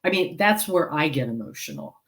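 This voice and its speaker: A woman's voice: deep voice, sing-song, a little fast. A woman author and counselor speaking as an interview guest over a video call, earnest and rambling with many fillers. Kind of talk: casual interview chat.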